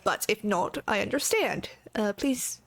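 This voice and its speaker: A woman's voice: medium pitch, animated, unhurried, dry recording. A woman streaming a game, chatting casually as she plays. She laughs often and swears freely. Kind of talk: casual gameplay commentary.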